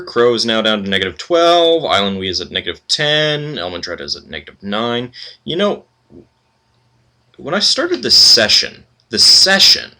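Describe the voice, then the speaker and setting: A man's voice: on the low side, sharp tone. A man hosting a let's play, reading game text aloud and commenting casually with wry asides.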